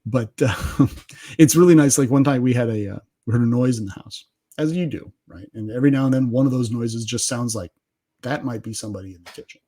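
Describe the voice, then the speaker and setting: A man's voice: medium pitch, fairly quick, dark tone. A middle-aged man, a podcast guest, telling self-deprecating family stories in a casual interview, often laughing as he talks.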